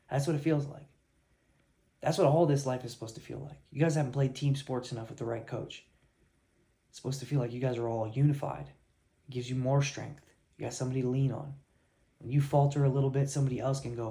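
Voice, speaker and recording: A man's voice: mid-range voice, fairly even intonation, quick pace, creaky, mellow. A man coaching his viewers in a blunt tough-love rant, swearing heavily and fired up. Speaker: life coach.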